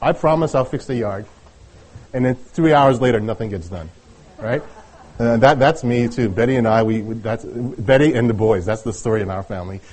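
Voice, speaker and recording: A middle-aged man preaching a sermon in a conversational, halting way, often restarting his sentences. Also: fairly low pitch, a little mellow, breathy edge. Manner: conversational, halting with many restarts and light laughs. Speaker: pastor.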